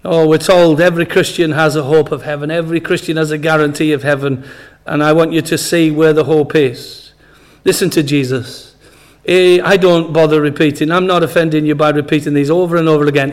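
High-voiced man preaching a sermon. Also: steady tone, normal speed, low-quality recording. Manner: earnest, emphatic, repeats key phrases.

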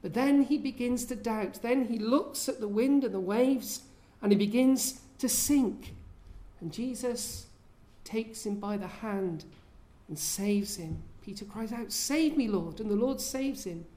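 A woman's voice: a little high, a little slow, warm tone. A woman preaching a sermon in an earnest way, often asking her listeners questions.

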